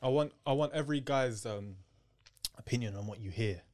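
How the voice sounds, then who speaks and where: A man's voice: medium pitch, a little fast, darkish tone. A young man hosting a casual group chat, insistent and full of banter.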